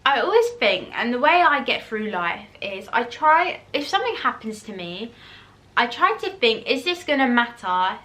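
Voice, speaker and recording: A woman's voice: fairly high pitch, very animated, normal speed, pushed and bright. A woman, chatting casually to camera as she answers viewer questions, rambling with fillers and restarts. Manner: eating while talking at times. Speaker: YouTuber.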